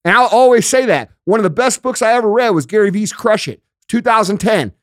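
A man's voice: sits high, lively intonation, brisk, fairly bright tone, dry recording, clean studio sound. A man hosting a podcast, talking bluntly and emphatically with lots of swearing, mixing rants with everyday analogies. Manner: conversational, uses everyday analogies. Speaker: podcast host. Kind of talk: casual podcast rant. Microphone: studio podcast microphone.

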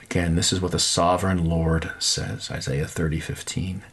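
A man leading a guided prayer meditation, speaking gently with long pauses and soft trailing endings. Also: sits low, fairly even intonation, husky. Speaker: pastor. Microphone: podcast microphone.

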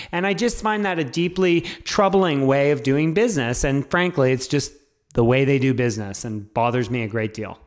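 A Canadian man co-hosting a podcast in casual chat, animated and exasperated, swearing as he gets riled. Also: medium pitch, moderate pace. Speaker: podcast co-host.

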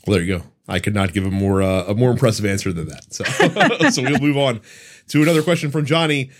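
A man hosting a podcast in a loose, chatty way, laughing often. His pitch sits in a middle range but swings a lot as he talks, which keeps him lively. It comes across as easygoing banter between friends. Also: a little fast. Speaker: podcast host. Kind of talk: casual podcast chat.

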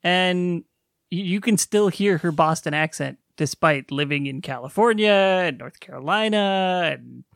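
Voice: medium pitch, a little slow, gravelly, a bit bright, no echo, clean studio sound. Giggly, hesitant podcast co-host. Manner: giggly, hesitant, filler-heavy. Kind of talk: casual chat.

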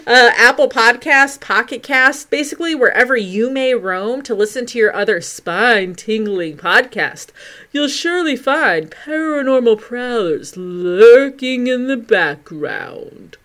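A bubbly woman wraps up her paranormal podcast in a slightly high voice. She talks brightly and warmly to her listeners and keeps breaking into giggles. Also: lively intonation, measured pace. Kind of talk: podcast outro.

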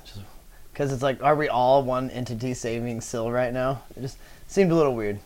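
A man's voice: medium pitch, normal speed, a little mellow. A man playing a tabletop game with friends, chatty and full of questions. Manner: questioning, chatty, laughs easily. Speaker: player. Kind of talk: casual chat at a game table.

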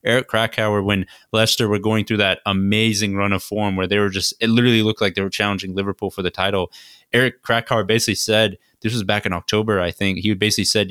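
A man with a somewhat low voice talks through football topics in an easygoing, loosely hesitant way. He is recorded close and dry. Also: flat delivery, fast, fairly bright tone, clean tone, no room sound. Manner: easygoing, hesitant, many fillers like "um" and "you know". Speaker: podcast co-host. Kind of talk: casual sports chat.

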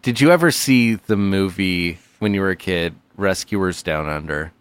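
A man in casual comedic chat with a dry, unhurried manner. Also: sits low, smooth.

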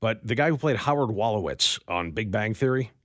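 A male radio co-host in casual studio chat, animated and quick to laugh. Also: fairly low pitch, no room sound. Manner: animated, laughs often, playful voices. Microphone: studio mic.

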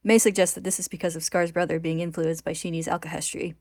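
Woman narrator retelling a story, low-pitched, steady and clear, dry close recording. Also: fast talker, dry recording.

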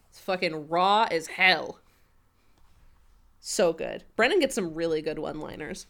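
A woman talking casually on a podcast, retelling scenes from an episode. She keeps slipping into the characters' lines as she tells it, with plenty of fillers and an animated delivery. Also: on the low side, a little slow. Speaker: podcast co-host. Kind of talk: casual recap chat.

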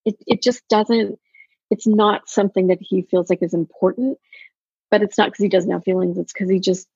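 A woman coaching in casual podcast chat, telling animated stories and acting out quotes. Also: mid-range voice, moderate pace, slightly rough, no room sound. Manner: animated storyteller, acts out quotes. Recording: dull, dry lo-fi sound.

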